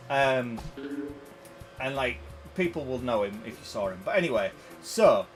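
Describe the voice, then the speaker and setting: A man's voice: medium pitch, rough recording. A man rambling through a giggly story while streaming a game. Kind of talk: casual banter. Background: game music.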